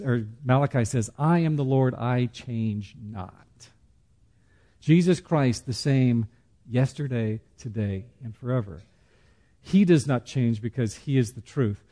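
A man teaching a church study class in a conversational way, with joking asides and slow, emphatic pauses. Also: medium pitch, warm tone.

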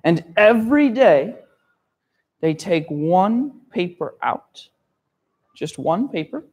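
A man telling a children's story at a slow, patient pace. He repeats key words, spells some out letter by letter and keeps checking that his listeners follow. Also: high-pitched, sing-song, darkish tone, husky. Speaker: storyteller for young learners. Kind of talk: simple storytelling lesson.

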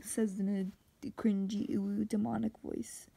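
A young woman talks slowly in casual commentary, her fairly high voice gravelly with vocal fry. She exclaims and slips into whispered asides. There is clear background noise throughout the recording. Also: darkish tone, poor audio. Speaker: vlogger.

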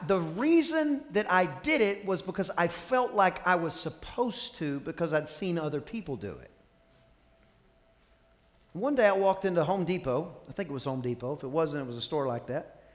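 A man's voice: high-pitched, expressive, normal speed, fairly bright tone. Man preaching in a reverberant church hall. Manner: storytelling with quoted dialogue, calls to the congregation. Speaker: pastor. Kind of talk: sermon. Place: church sanctuary.

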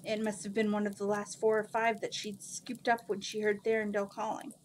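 A woman reads a fantasy novel aloud at a steady, unhurried pace. Her voice sits in a middle pitch. A faint hiss runs underneath. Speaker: reader. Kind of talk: reading a fantasy book aloud.

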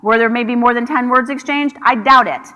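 Woman keynote speaker, bright and forceful, conversational storyteller, long hall reverb. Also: a little high, normal speed, highs cut off. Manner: conversational storytelling with quoted dialogue. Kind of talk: conference keynote speech. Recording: hall reverb from a large venue.

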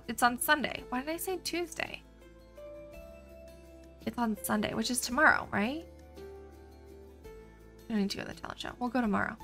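Woman host, casual game commentary, chatty and jokey, bright voice. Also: medium pitch. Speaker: gaming channel host. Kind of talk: casual let's play commentary.

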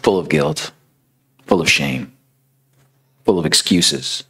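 A man's voice: medium pitch, huge pitch swings, takes it slowly, gravelly, bright, forceful tone, breathy edge. A young man preaching a sermon in a conversational storytelling way, filling his speech with "you know" and "like".

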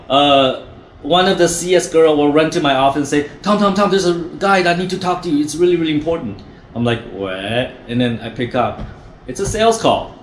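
A man's voice: medium pitch, slight background noise. Blunt, profane male sales coach. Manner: blunt, profane, pushy, keeps asking "right?". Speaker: sales trainer and company managing director. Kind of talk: direct-to-camera sales coaching. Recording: echoey room with faint ambience.

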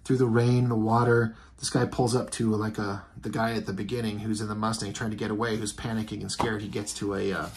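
A man's voice: fairly low pitch, little pitch movement, brisk, few pauses, a little hiss or hum. A man casually reviewing a comic book, rambling along with lots of ums and restarts. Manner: rambling, filler-heavy.

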